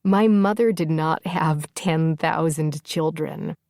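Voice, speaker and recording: A woman narrator voicing a panicked, tearful young warrior woman, pitched up and pleading in an audiobook. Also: slow, gravelly, darkish tone, dry recording, clean studio sound, full character voice. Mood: teary, wry. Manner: distraught, sobbing, self-blaming.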